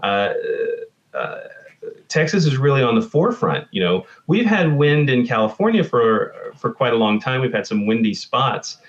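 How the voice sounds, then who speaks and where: A man's voice: mid-range voice, sing-song, moderate pace, lo-fi sound. A man answering interview questions about the climate, thoughtful and hesitant with many fillers. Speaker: climate scientist guest. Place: Texas.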